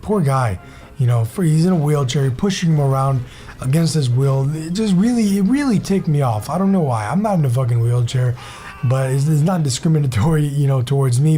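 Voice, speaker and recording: A man's voice: mid-range voice, mellow. A young man hosting his own gaming channel, ranting in a heated, rambling way with lots of swearing, fillers and restarts. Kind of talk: casual vlog rant.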